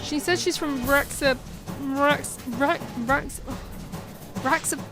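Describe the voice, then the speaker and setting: A woman reading a brisk young policewoman. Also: high-pitched, sing-song, vocal fry, music in the background, voice pushed up, exaggerated voice. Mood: urgent. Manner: demanding, stumbling over words. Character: young female police officer, direct.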